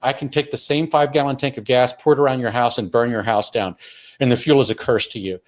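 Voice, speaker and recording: A man's voice: mid-range voice, steady tone, fast talker. An earnest man in the middle of an instructional talk. He lays out his points step by step, often restarting a sentence mid-thought as he explains. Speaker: webinar presenter on emotional learning.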